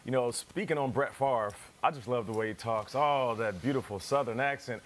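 A man's voice: medium pitch, moderate pace. A man on a sports talk panel, speaking conversationally and posing rhetorical questions.

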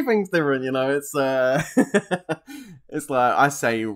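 A man's voice: mid-range voice, lively intonation, takes it slowly, a bit bright. A man with an English accent from southeast England, chatting casually on a game live stream, rambling, reading out comments and laughing often.

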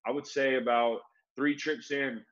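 A man telling a long story in relaxed, casual talk, peppered with "bro". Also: medium pitch, unhurried, highs cut off. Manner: laid-back, says "bro" a lot, acts out quoted voices. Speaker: guest.

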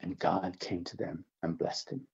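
An older man from the Navajo Nation speaks in an earnest, halting testimony, often repeating himself as he restarts. His voice sits very low, with a gravelly, husky texture and a dark tone. The recording sounds somewhat dull and lo-fi. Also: steady tone. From Navajo Nation, American Southwest. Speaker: interview guest. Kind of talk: religious testimony interview.

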